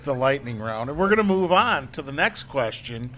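A man's voice: mid-range voice, very animated, sharp tone, a little hiss or hum. A man co-hosting a casual sports podcast, reading listener questions in a jokey, giggly way. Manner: jokey, giggly, slow-spoken.

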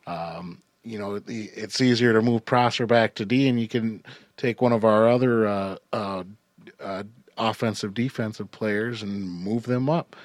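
A man's voice: lowish voice, a little slow, no echo. A man hosting a casual hockey podcast, chatty, with frequent laughs and fillers. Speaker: podcast host. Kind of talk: casual sports podcast chat.

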